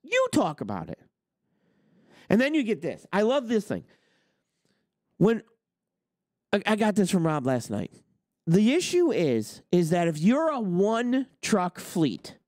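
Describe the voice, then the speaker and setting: Dry, clean studio audio captures a man with a high-pitched, slightly mellow voice. As host of a trucking business show, he rants argumentatively on his livestream, firing off one rhetorical question after another.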